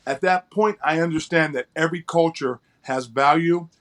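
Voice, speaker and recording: A man's voice: a little high, normal speed, fairly bright tone. A man co-hosting an interview, telling a personal story in an earnest way and often repeating words as he starts a phrase. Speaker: co-host.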